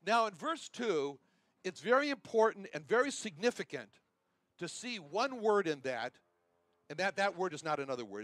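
A man's voice: a little high, expressive, moderate pace, a bit bright, no room sound. A man teaching a sermon, emphatic and repeating his Bible references. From United States. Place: chapel.

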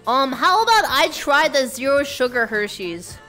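Excitable young woman streamer, high and bouncy, bright tone. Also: normal speed, faint music behind. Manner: excitable, jokey, talks to chat. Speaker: streamer host. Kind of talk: casual live-stream chat.

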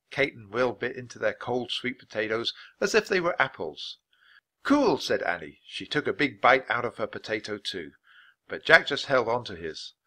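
A man reading a children's chapter book aloud for language learners, clear and measured. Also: fairly low pitch, bright, forceful tone. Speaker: storybook reader. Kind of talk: scripted narration for language learners.

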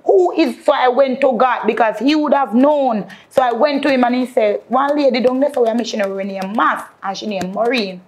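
A woman's voice: on the high side, a little fast, hardly any pauses, a little mellow. A woman with a Jamaican accent sharing an emotional personal testimony in patois and often calling out to the faithful. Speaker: guest.

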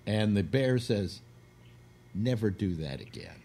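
A man's voice: lowish voice, very animated, slow, gravelly, dark tone, a little hiss or hum. A man hosting a casual radio talk show, telling a long crude joke with acted-out quotes. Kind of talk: casual radio chat, storytelling.

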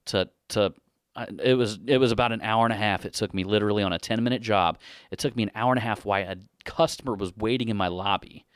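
A man's voice: on the low side, clean tone, no room sound, studio quality. A middle-aged man hosting a casual podcast, telling a rambling, profane shop story with frequent laughter. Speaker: podcast host, dent repair shop owner.

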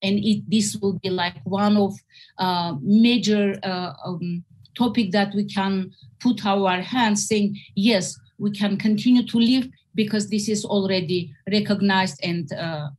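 A woman's voice: medium pitch, measured pace, a little mellow, poor audio. Earnest woman. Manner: earnest, emotional, searching for words in a second language. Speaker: social work leader.

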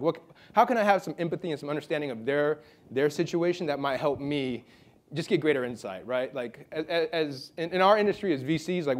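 A man giving an informal award acceptance speech, telling a story full of fillers and repeated words. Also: mid-range voice. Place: event hall.

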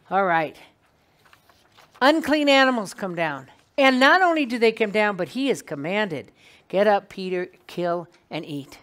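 Animated woman teaching a Bible class. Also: medium pitch. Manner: animated, conversational, asks the class questions. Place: meeting room with a small class.

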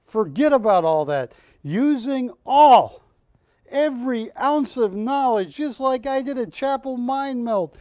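This shopping channel host has a very high voice, recorded with clean studio sound and no echo. Selling art on a live broadcast, he's chatty and animated, cracking jokes and ribbing his co-hosts throughout the pitch.

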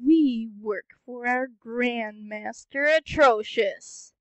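A woman voicing a cold, threatening villain pony with a lowered, slow voice in an amateur fan audio drama. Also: a bit bright, no room sound, poor audio. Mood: menacing.

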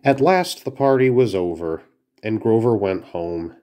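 A man's voice: on the low side, lively intonation, unhurried, mellow. A man reading a children's storybook aloud, carefully, with small slips and restarts. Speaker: narrator.

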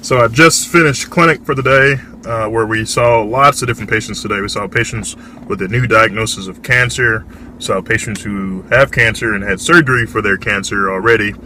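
A man's voice: on the low side, brisk, bright, forceful tone, slight background noise. A man in his thirties, a resident surgeon, narrating his day in a casual vlog and explaining medical terms plainly as he goes.

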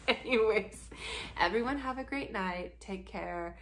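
A young adult woman vlogger from the Pacific Northwest chats casually with her viewers, talking slowly and at an easy pace. She laughs often and sometimes drops into a conspiratorial joking whisper. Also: mid-range voice, fairly bright tone, a little hiss or hum. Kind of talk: casual chatty rant.

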